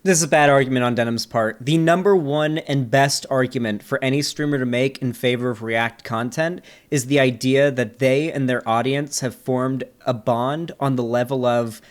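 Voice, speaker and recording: Casual man commenting, swearing freely. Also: mid-range voice. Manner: animated, swearing, quick asides. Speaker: debate reviewer, channel host.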